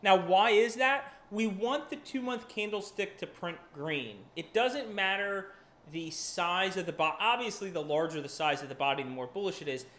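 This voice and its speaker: Running a live market stream, a crypto host speaks in a fairly high male voice with a fairly bright tone and moderate pace. His talk is loose and chatty, with casual swearing and constant apologies as he jumps from chart to chart.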